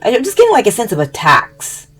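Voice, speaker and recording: A woman's voice: mid-range voice, wildly swooping pitch, fairly quick, a bit bright, breathy edge, faint music behind. A woman giving a casual tarot reading, rambling and hesitant, often acting out what people might have said. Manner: rambling, hesitant, restarts and fillers, acts out quotes. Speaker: tarot reader.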